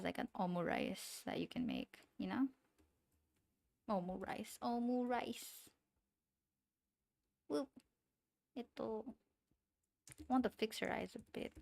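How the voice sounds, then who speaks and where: A woman's voice: medium pitch, gravelly. A woman streamer with an accent, chatting casually while she draws, rambling and talking to herself with small giggly asides. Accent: non-standard English accent. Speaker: VTuber streamer. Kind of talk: casual chat while drawing.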